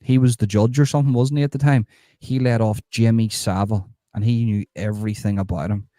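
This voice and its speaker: A middle-aged man rants on a live stream, swearing freely and retelling bits of conversation. His voice sits fairly low and sounds warm and relaxed, and the sound is dry and close with no room echo. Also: fairly quick. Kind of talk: rambling live-stream rant.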